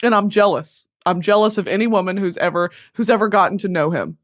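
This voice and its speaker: A woman in her twenties hosting a podcast, telling a comedic story in a self-mocking, animated way, jumping between loud bursts and low mutters. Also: quick pace. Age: 20s. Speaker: podcast host.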